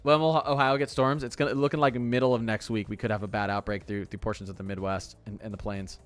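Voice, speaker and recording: A young man hosting a live weather stream, chatting casually and excitably, with lots of "like" fillers. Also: fairly low pitch, fast, soft background music. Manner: chatty, excitable, heavy use of "like". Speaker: weather livestream host.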